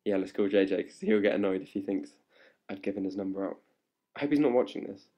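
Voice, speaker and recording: A young man chatting live to fans on a webcam at home, hyper and playful and growing louder as he goes. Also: low voice, fast talker. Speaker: livestream host answering fan questions. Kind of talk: casual live webcam chat. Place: indoors at home. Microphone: laptop webcam mic.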